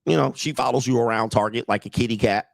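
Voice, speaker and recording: A man's voice: medium pitch, fast, vocal fry, no room sound. A man who works as a dating coach, giving blunt, mocking casual commentary on clips and talking straight to his viewers.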